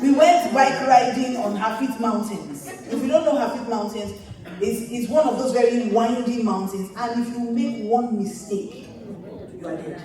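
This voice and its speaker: A woman pastor telling a funny story to a church audience, animated and laughing often as she talks. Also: on the high side, normal speed. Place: church auditorium. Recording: echoey church hall, distant mic.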